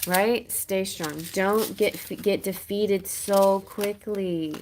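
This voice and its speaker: A woman reads tarot on a live stream, chatting and encouraging at a mid-range pitch. She talks casually and laughs easily, with faint noise behind her. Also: fairly even intonation, slow pace, a little mellow. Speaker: tarot reader.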